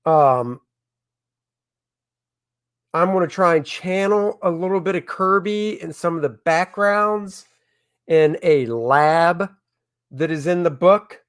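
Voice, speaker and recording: Slow-talking man hosting a livestream. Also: fairly high pitch, smooth. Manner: chatty and excitable, talking to viewers. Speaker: comic creator hosting a crowdfunding stream. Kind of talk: casual livestream chat.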